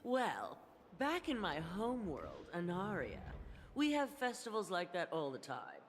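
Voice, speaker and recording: A woman's voice: lowish voice, huge pitch swings, a little slow, a little hiss or hum. An actress voicing a boastful young woman who speaks in a breezy, self-assured way.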